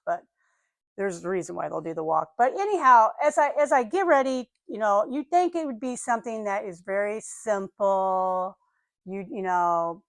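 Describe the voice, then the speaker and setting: An older woman chatting casually on her vlog, telling a story in an animated way and acting out the voices of the people and animals in it. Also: mid-range voice, no room sound. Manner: animated, acts out voices of dogs and neighbors. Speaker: vlogger.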